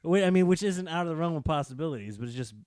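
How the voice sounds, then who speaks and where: Wry, lively-voiced man on a podcast. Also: fairly high pitch, very fast, clear, resonant tone, no echo, clean studio sound. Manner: wry, joking, trails off. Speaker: podcast co-host. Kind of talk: casual chat.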